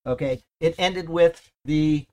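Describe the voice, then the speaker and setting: Bible teacher, male, slightly high voice, emphatic and chatty. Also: takes it slowly, a little mellow. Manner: emphatic, conversational, often checks in with "okay?".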